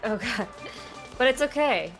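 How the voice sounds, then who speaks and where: A woman with a fairly high, very lively voice, trash-talking and swearing loudly while she plays a video game with a friend. Game music plays clearly behind her. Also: unhurried. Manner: swears loudly, chanting exclamations. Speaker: guest co-player. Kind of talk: casual live-stream chat.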